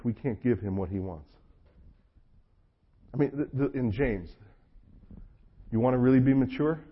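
A man from North Carolina with a Southern US accent and a husky, mid-range voice preaches a sermon as a pastor. His style is conversational, joking storytelling, heard through a dull lo-fi recording.

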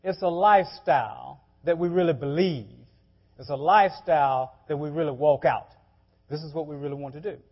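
A man's voice: a little high, moderate pace. A man preaching a sermon, talking in a loose, conversational way, often repeating words and restarting. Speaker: pastor. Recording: dull lo-fi church audio.

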